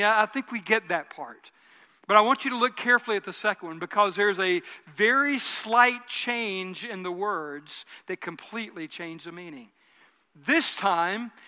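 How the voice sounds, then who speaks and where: Bright, high-voiced man preaching in a reverberant hall. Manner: conversational preaching, leads the congregation in repeating phrases; repeats words and restarts phrases while building a point. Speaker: pastor. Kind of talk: sermon. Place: church sanctuary.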